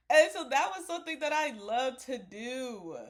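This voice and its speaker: Chatty young woman vlogger, slightly high voice. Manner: rambling, reflective, laughs often. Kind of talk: casual talk to camera.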